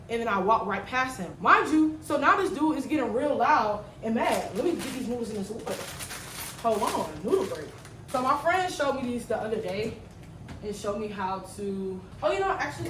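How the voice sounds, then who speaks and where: A woman in her twenties telling a slangy, animated story while she cooks in her kitchen. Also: a little high, a little fast, noisy background. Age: 20s. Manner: animated, slangy, swings loud when retelling. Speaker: vlogger. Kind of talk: storytime vlog while cooking. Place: home kitchen. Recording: echoey room, mic at a distance.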